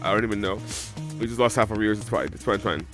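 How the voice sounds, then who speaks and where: A low-voiced man talks very fast over music during his live watch-along reaction stream. He rambles through a list of follower names, emotional and teary from having cried.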